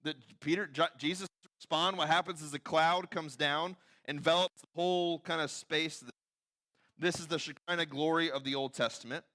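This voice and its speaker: A man preaching a sermon in a church, talking conversationally, acting out quoted voices and often dropping to quiet emphasis. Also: a little high, steady tone, moderate pace. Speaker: pastor. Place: church sanctuary.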